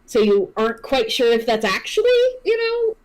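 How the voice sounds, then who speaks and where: A woman running a tabletop game as game master, describing scenes with many fillers and pauses. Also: on the high side, very animated, rough recording.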